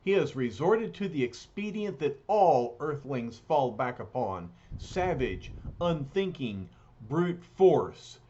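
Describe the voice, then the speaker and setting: A man's voice: medium pitch, big pitch swings, takes it slowly, warm tone. A man voicing a noble, weary male alien hero of a comic story, speaking in solemn, formal phrases. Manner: lofty, formal, solemn speech. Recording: dull lo-fi recording.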